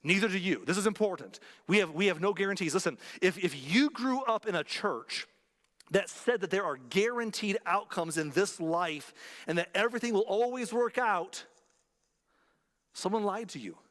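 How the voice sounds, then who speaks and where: Man, pastor, sermon, conversational and emphatic, somewhat high voice, long church reverb. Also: animated, normal speed, a bit bright. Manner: conversational storytelling with emphatic repetition. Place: church sanctuary.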